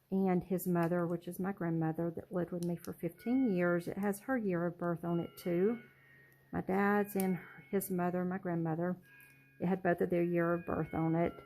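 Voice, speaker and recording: A middle-aged woman casually showing her handmade journals in a vlog, soft-spoken and rambling, with lots of ums and self-corrections. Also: fairly low pitch, a little hiss or hum, poor audio. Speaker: junk journal crafter showing her work. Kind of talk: casual show-and-tell vlog.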